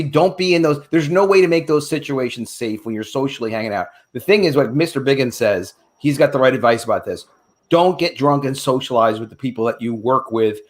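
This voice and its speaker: A man's voice: mid-range voice, fairly quick. A man on a casual livestream, giving advice in an emphatic way. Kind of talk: casual chat.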